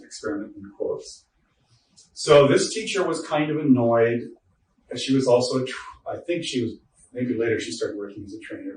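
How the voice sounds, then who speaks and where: A man giving an informal workshop lecture to teachers, chatty and joking, with asides to the audience. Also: medium pitch. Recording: roomy echo, distant mic, faint noise.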